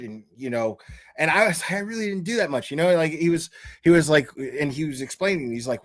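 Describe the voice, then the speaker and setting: Speaking on a true crime livestream, a tearful, choked-up man from Tennessee halts, stumbles, repeats words, and curses often. His voice is a little high with lively intonation, captured in clean studio sound with no room sound.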